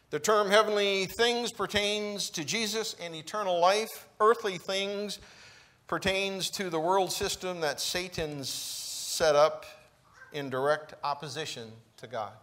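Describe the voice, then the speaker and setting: Slow, emphatic male preacher. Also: high voice, a bit bright. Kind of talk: sermon. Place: church sanctuary.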